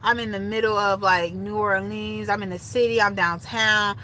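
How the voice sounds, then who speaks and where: A young woman casually telling a story straight to her viewers, animated and chatty. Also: mid-range voice, moderate pace, a little hiss or hum, rough recording. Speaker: storytime vlogger.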